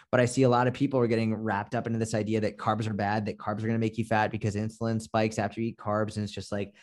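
A man with a Boston accent chatting on a podcast as a fitness coach. He talks bluntly and with plenty of profanity, working up into an animated rant. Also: lowish voice. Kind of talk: casual podcast chat.

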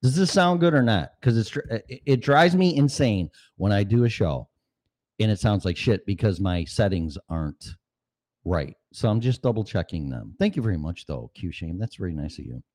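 A man hosting a podcast, rambling loosely and swearing through a casual sound check. His voice sits on the low side, and he keeps pausing to clear his throat. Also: lively intonation, a little mellow. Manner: rambling and profane. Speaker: podcast host.

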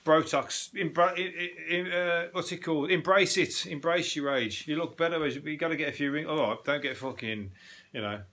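A man's voice: on the high side, a little fast, pushed and bright, slight background noise. A man with a Birmingham accent hosting a solo podcast, ranting about the news, swearing freely and often restarting his sentences. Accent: Birmingham (Brummie). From England. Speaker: podcast host.

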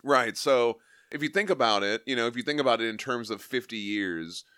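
A man's voice: medium pitch, expressive, fairly quick, pushed and bright, clear, resonant tone, no echo, studio quality. A man co-hosting a comic book podcast, chatting loosely with many fillers and reading quoted lines with flair. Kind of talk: casual chat, reading comic dialogue aloud.

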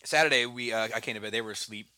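A man's voice: medium pitch, racing, bright, forceful tone, dry recording, clean studio sound. A man co-hosting a podcast, telling stories in a casual chat, laughing often and restarting his sentences. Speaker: podcast co-host.

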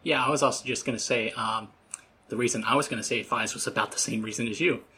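A man talking casually on a podcast, explaining his views in a measured way. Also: mid-range voice, sharp tone, husky. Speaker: podcast panelist. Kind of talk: casual chat.

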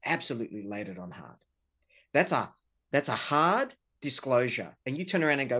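A man's voice: mid-range voice, very animated, moderate pace, pushed and bright, breathy edge. A middle-aged man, a relationship researcher, explaining couple conflict earnestly with examples. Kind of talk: explanatory interview talk.

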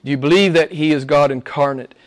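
Speaking a little fast, a man delivers a sermon as pastor and keeps firing questions at the congregation. He swells to loud, forceful peaks, then drops into quiet, low asides.

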